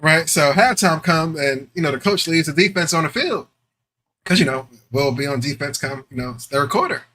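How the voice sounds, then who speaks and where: Bright, slangy man telling lively stories. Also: fairly high pitch, moderate pace. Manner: animated storyteller, acts out quotes with laughs; slangy, repeats "you know what I'm saying". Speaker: podcast co-host. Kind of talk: casual podcast chat.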